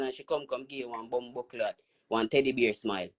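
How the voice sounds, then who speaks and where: Jamaican man, loud taunting live-stream rant, repeats himself for effect. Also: mid-range voice, brisk.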